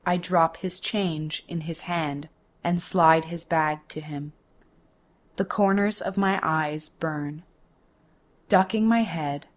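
Speaking in the first person, a young woman tells her story with calm, measured care; her voice is low and her pacing unhurried and deliberate as she lays out every detail.

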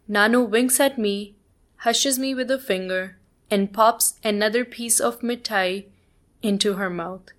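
Slow, measured woman reading her story. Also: medium pitch, a bit bright. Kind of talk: first-person story reading.

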